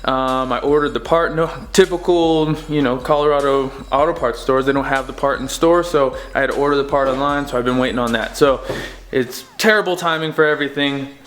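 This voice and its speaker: A young man giving a relaxed, rambling update on his car projects from his home garage, with lots of fillers. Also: medium pitch, brisk. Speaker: car-build vlogger. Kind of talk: casual garage update vlog. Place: home garage, door open.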